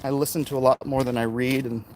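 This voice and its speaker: A man's voice: mid-range voice, level tone, fast, a little mellow. Guy talking to his stream while he walks uphill, kinda winded, phone mic, traffic noise everywhere. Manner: reads viewer comments aloud and chats back. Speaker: livestream host. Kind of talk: casual livestream chat while walking. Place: outdoors on a city street. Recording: outdoor street noise behind.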